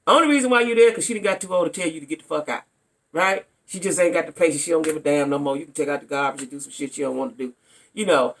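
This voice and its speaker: A middle-aged woman vlogger telling a story to her viewers in a blunt, animated way, often checking in with them. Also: sits low, very fast. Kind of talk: casual storytelling to camera.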